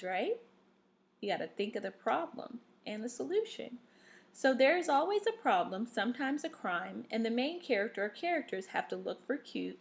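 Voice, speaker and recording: A woman teaching a reading lesson to young students, giving patient instructions full of fillers and "okay?" checks. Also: a little high.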